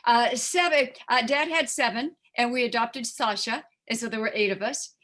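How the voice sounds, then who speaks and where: An older woman, a guest in an interview, chats casually in a slightly high, somewhat bright voice at a normal speed. She rambles with lots of fillers and slips into voices whenever she quotes someone.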